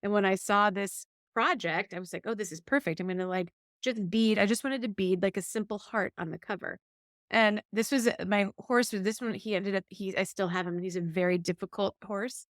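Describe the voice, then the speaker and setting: Speaking a little fast at medium pitch, a podcast co-host relays a story from her life in casual talk, vividly reenacting what she said then. The audio is studio quality with no room sound.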